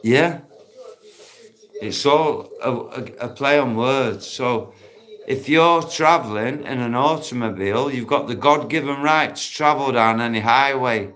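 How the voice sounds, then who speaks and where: A man hosts a casual live stream from a park, talking straight into his phone. He is blunt and matey, swearing freely as he chats with viewers. His voice sits at an ordinary middle pitch for a man. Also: unhurried, fairly bright tone. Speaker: livestream host. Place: outdoors in a park.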